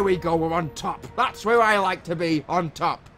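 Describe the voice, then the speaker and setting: A young man, giving casual commentary while playing a football video game and shouting encouragement and curses at the players. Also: on the high side, expressive, fairly quick, hardly any pauses, soft background music. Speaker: gaming channel host.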